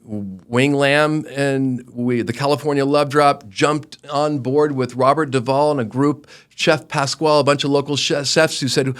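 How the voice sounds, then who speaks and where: A middle-aged man, a company founder, telling stories earnestly in an interview, animated, often restarting his sentences. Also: mid-range voice, a little slow, few pauses. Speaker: guest, roofing company founder. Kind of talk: conversational interview storytelling.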